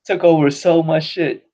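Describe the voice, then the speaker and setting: A man's voice: on the high side, warm tone, lo-fi sound. A man hosting a podcast stream, chatting casually in a rambling, profane way and laughing often. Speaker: podcast host. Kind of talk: casual solo stream chat.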